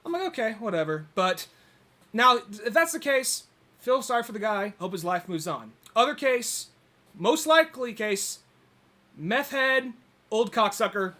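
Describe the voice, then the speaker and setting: Male podcast co-host, casual and profane storyteller, bright, higher voice. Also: lively intonation, measured pace. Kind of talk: casual chat.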